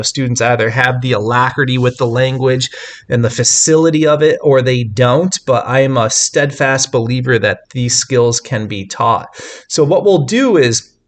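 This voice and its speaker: A middle-aged male writing teacher explains his methods to other teachers. He speaks earnestly and with emphasis, dropping in fillers and restarts, at a middle pitch. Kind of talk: teaching talk to fellow teachers.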